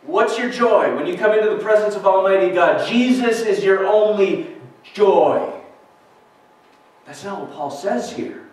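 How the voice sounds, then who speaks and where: A man's voice: high-pitched, lively intonation, a little slow, darkish tone. A man preaching a sermon as a pastor, earnest and questioning, reading scripture aloud between his points. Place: church sanctuary. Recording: echoey church recording from far off.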